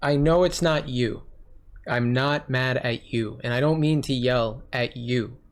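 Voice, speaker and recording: A man's voice: mid-range voice, a little slow. Man, angry customer, ranting and exasperated, complains on a phone call, curses often. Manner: exasperated, ranting, repeats himself, swears. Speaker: frustrated customer on a support call. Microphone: recording his own side of a phone call.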